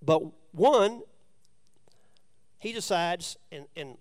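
Extremely slow yet animated, a high-voiced man with a slightly mellow tone preaches by reading scripture aloud, then adding simple, conversational commentary.

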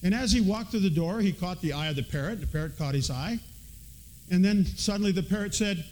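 A man's voice: sits high, quick pace, a little mellow, slight background noise, low-quality recording. A man preaching a sermon, earnest and emphatic, mixing folksy storytelling with scripture. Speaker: pastor.

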